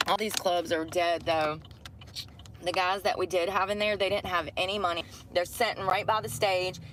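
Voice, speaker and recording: A woman's voice: fairly low pitch, steady tone, normal speed, fairly bright tone, a little hiss or hum, rough recording. A middle-aged woman ranting bluntly and profanely about her job. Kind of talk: candid rant.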